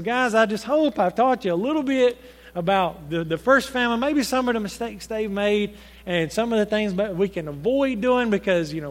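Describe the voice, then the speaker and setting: A man's voice: sits high, big-room sound. A man preaching a sermon, speaking in an earnest, conversational storytelling way with frequent restarts.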